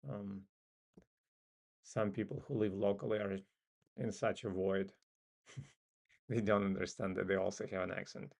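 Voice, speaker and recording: A man's voice: lowish voice, level tone, measured pace, creaky, long pauses, darkish tone. A man with a non-native English accent hosts a casual live trading stream. He muses and thinks aloud with frequent ums. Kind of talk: casual live market commentary.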